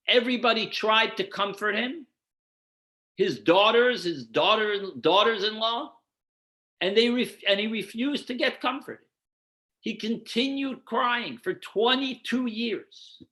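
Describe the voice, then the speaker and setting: A man's voice: sits high, unhurried, bright, forceful tone. A man, a rabbi, teaching a Torah class, posing rhetorical questions and then answering them while guiding listeners through numbered source texts. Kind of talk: explanatory lecture.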